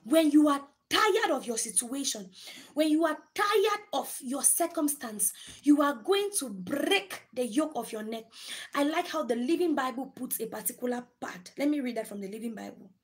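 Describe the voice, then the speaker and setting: A woman's voice: sits high, lively intonation, normal speed. A woman preaching a sermon, retelling scripture with repeated phrases and acted-out quotes.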